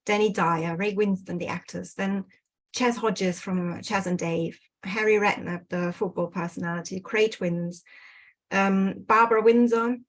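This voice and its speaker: A woman with a medium-pitched voice gives an online research presentation as a guest researcher, speaking at a measured pace with fairly even intonation. The recording is rough, captured on a computer mic over a video call, and her talk is full of fillers and restarts.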